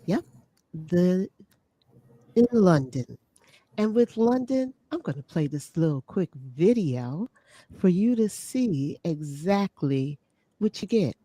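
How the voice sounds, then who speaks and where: A woman with a low voice co-hosts a relaxed streamed talk show. She gives her travel opinions in a chatty, emphatic way. The sound is dry and close. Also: slow pace, no room sound. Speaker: co-host. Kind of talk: casual travel review chat. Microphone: streamed call.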